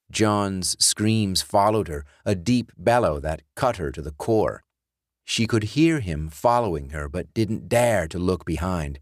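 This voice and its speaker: Deep, slow male horror narrator. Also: no room sound, clean studio sound. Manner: slow, measured, low storytelling. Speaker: audiobook narrator.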